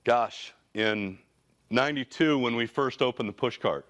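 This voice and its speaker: A man in his forties, a company CEO, giving a motivational talk with energetic, casual and slangy storytelling. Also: medium pitch, unhurried. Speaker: company CEO, guest speaker.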